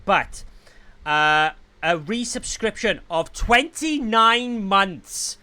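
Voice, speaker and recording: A man's voice: sits high, animated, drawn-out words, pushed and bright. A man from Wales hosting a live podcast, bubbly and jokey in casual chat, poking fun at himself. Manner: bubbly, jokey, self-mocking. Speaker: podcast host.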